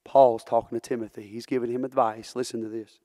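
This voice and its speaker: A man's voice: medium pitch, level tone, a little fast, dark tone, dry recording, studio quality. A male preacher delivering a sermon in church, earnest and full of rhetorical questions, building into fervent preaching. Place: church sanctuary.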